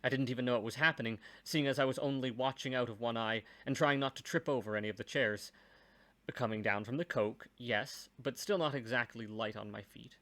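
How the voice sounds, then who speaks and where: A man's voice: medium pitch, a little fast, a bit bright. A man reading a first-person story aloud, with dry, wry asides.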